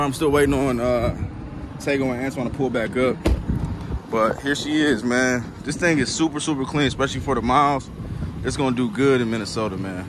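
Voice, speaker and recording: A man's voice: medium pitch, a little fast. A man casually vlogging at a car auction lot, speaking in a laid-back, slangy way and often calling out "man" and "y'all". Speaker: used car dealer vlogger. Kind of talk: casual vlog chat. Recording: outdoor phone recording with noise. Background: cars and outdoor traffic noise.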